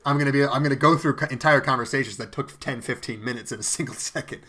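A man's voice: mid-range voice, quick pace, pushed and bright. A young man co-hosting an anime podcast, ranting sarcastically with plenty of swearing. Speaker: podcast co-host. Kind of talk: casual chat, anime review podcast.

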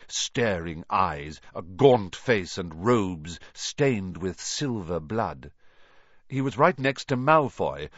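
A man narrating a storybook in an expressive reading style. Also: low-pitched, dry recording, highs cut off. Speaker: audiobook narrator. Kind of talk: scripted narration.

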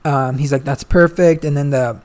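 A man's voice: on the high side, fairly even intonation, normal speed, a little mellow. A young man, a guest, chatting casually and telling a long story, swearing freely and full of slang. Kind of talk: casual chat.

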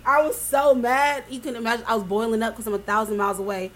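A woman co-hosting a casual chat, telling stories in an animated, profane way. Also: on the high side, brisk. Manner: animated storytelling, swearing freely.

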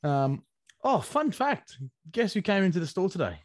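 A man's voice: sits high, sing-song, normal speed, dry recording. Man co-hosting, crude rambling banter, dry close mic. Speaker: podcast co-host. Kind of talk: casual chat.

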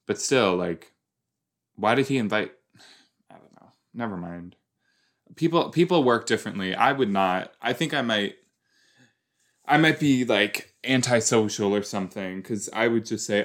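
A man's voice: fairly low pitch, moderate pace. Rambling male podcast host. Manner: rambling, self-deprecating, chatty asides. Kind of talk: casual watch-along commentary.

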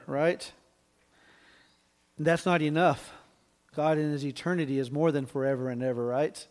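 A man delivers a verse-by-verse sermon in a somewhat high voice. He keeps checking in with his listeners with quick "right?"s and clears his throat from time to time. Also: steady tone, darkish tone. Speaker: pastor.

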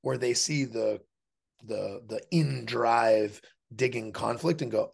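A man in a relaxed interview setting, his voice husky and breathy at the edges. He talks bluntly and swears freely, putting on voices to play out how other people react. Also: mid-range voice, slow. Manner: blunt and profane, acts out quoted voices. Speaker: podcast guest, fighter and dog trainer. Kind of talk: casual interview talk.

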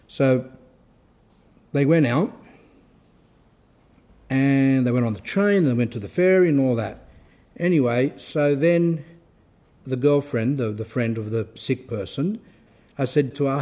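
A man's voice: medium pitch, measured pace, pauses often, mellow. A man giving an informal religious talk, telling anecdotes and acting out the dialogue. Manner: conversational storytelling, acts out dialogue.

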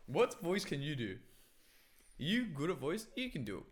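Casting: young man, animated pitch, playful and profane, casual chat. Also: normal speed. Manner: playful, swears a lot, drops into put-on voices. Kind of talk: casual chat, trying out impressions.

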